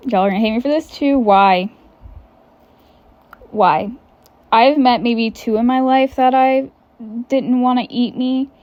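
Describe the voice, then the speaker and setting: A young woman, hosting a casual chat podcast, candid and quick with asides, swearing freely. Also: on the high side, dry recording, muffled recording. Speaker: podcast host.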